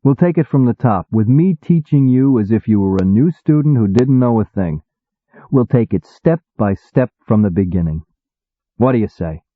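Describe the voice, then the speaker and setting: A man's voice: medium pitch, animated, moderate pace, dry recording, natural voice. A man voicing a blunt, slangy demon mentor. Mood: upbeat. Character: impatient wisecracking male demon mentor. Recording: tinny phone-like dry sound.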